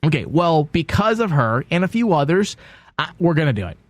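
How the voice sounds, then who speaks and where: A man's voice: a little high, sing-song, fairly quick, no room sound. A man hosting a comedy podcast, joking crudely and laughing often while sick. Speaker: podcast host. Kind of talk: casual comedy banter.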